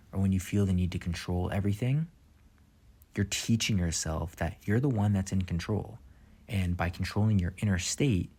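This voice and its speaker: Gravelly deep-voiced man giving calm advice. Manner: slow, repetitive guiding instructions. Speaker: podcast host. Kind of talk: calm self-help monologue.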